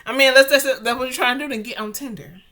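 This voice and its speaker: A woman co-hosts a casual podcast in a bright, fairly high voice. She talks in an animated, slangy way and teases her partner as she goes. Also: quick pace. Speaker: podcast co-host. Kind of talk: casual chat.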